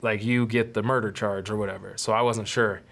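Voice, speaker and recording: A young man hosting a podcast, telling a personal story candidly, with swearing and loud acted-out quotes. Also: fairly low pitch, level tone, brisk, gravelly. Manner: candid, profane, acts out quotes in raised voices. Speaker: podcast host.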